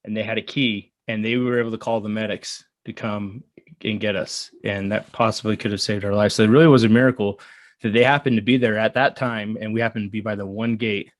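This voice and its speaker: A man in his thirties telling a personal story in an earnest, halting way, with many fillers and restarts. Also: on the low side, steady tone, no echo. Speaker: guest. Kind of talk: casual storytelling.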